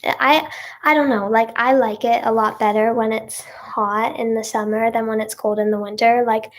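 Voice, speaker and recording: Young female singer, casual livestream chat, gushy and effusive, slightly high-pitched, slips into whispers now and then. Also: fairly even intonation, moderate pace. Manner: bubbly and gushing, with frequent "oh my gosh" and "like".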